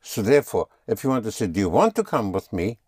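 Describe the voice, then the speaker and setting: A man's voice: on the low side, sing-song, fast talker, a little mellow, breathy edge, no room sound, studio quality. A man teaching German in a patient one-on-one lesson, often spelling words out letter by letter.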